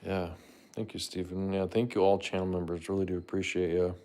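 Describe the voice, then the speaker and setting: A man's voice: little pitch movement, a little fast, mellow. A man hosting a casual live stream, chatting to viewers and his cats and thanking supporters. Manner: talks to his cats in a high playful voice. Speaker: livestream host.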